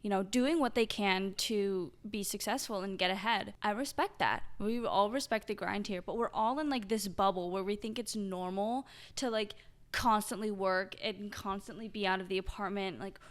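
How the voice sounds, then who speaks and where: A woman's voice: mid-range voice, moderate pace. Brief: young female host, casual, relatable, filler-heavy talk. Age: young adult. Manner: chatty, relatable, heavy use of "like" and "you know". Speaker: podcast host. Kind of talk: casual conversational interview.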